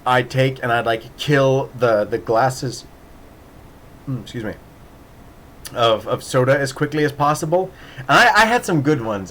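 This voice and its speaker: A man's voice: medium pitch, slight background noise. Rambling man telling a story. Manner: rambling, animated, with many restarts and laughs; acts out voices in quoted dialogue. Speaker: podcast host. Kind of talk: casual storytelling monologue.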